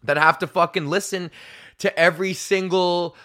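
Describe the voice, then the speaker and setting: A young male comic hosting his own podcast, his voice bright and forceful. He rambles and swears freely through a solo rant, laughing at his own jokes and slipping into mocking voices for the people he quotes. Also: high-pitched, fairly even intonation, normal speed. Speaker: podcast host.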